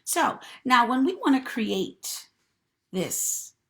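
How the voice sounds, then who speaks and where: A woman's voice: high-pitched, sing-song, takes it slowly, fairly bright tone. A woman therapist hosting a live-streamed advice talk, encouraging viewers and greeting commenters by name. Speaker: host and mental health professional.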